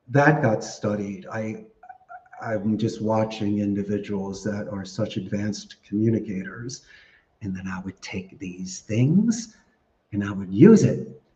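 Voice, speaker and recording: Podcast guest: low-voiced man, chatty storyteller, roomy dull lo-fi sound. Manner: chatty, laughs often, animated storytelling. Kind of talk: casual interview answers.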